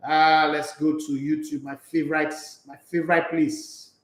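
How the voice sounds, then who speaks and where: A playful Nigerian man hosts a sports talk stream, bouncing between English and Pidgin as he reads out viewer messages. His voice sits high for a man. The sound carries a noticeable room echo. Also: a little slow. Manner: playful, animated, slipping into Pidgin. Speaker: sports talk show host. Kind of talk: casual live-stream chat reading viewer comments.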